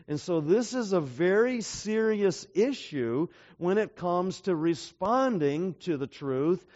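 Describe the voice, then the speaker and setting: A man's voice: on the high side, a little mellow, lo-fi sound. A man preaching a sermon to a seminar audience, often checking in with rhetorical questions. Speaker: pastor.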